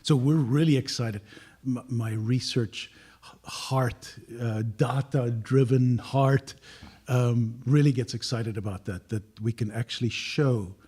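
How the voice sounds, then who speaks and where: A man talks as a panel guest in an easy conversational way. His voice is husky and dark, with a mellow, unhurried delivery. He pauses now and then to clear his throat. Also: medium pitch. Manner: measured, clears throat often. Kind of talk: casual panel discussion.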